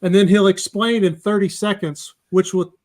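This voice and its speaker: High-voiced man hosting a casual podcast. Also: fairly even intonation, normal speed, a little mellow. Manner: chatty, teasing, laughs easily. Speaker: podcast host. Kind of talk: casual chat.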